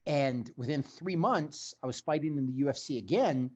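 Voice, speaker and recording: A man's voice: fairly high pitch, moderate pace, a little mellow, husky. A man telling his story as a podcast guest, in a blunt, emphatic conversational way.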